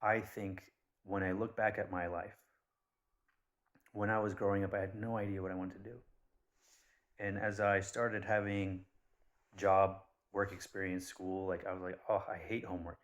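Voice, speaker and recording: Deep-voiced guy ranting loosely to camera, blunt and sweary. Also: normal speed, long pauses, lo-fi sound. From Persian background. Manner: blunt, swears, animated retellings. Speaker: vlogger. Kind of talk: casual rambling monologue.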